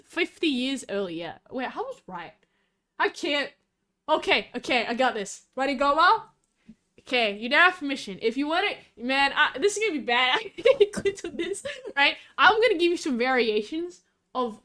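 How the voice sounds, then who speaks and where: A young woman chatting on a livestream in a high, lively voice that swings all over. She rambles, giggles and fills every pause with "like." Now and then she drops into a loud whisper. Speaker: vtuber streamer. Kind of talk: casual livestream chat.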